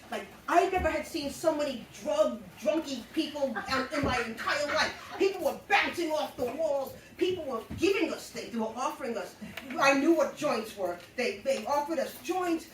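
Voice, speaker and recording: Middle-aged New woman, high and animated, live storyteller heard from a distance in an echoey room. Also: moderate pace, few pauses, slight background noise. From New York. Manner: animated, laughing often, blunt and salty. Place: live show venue. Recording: roomy echo, mic at a distance.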